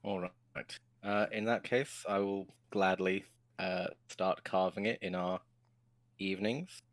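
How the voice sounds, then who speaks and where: A man's voice: low voice, steady tone, dry recording. A man playing a patient fatherly woodcarver. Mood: measured. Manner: measured, thoughtful, asks clarifying questions. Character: fatherly adult male woodcarver, patient and careful. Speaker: tabletop game player. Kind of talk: in-character tabletop role-play.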